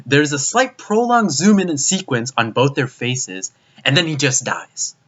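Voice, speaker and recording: A man's voice: mid-range voice, expressive, measured pace, fairly bright tone. Exasperated young man ranting. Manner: profane, exasperated, frequent restarts. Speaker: anime reviewer. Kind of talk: ranting video review. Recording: dull lo-fi recording.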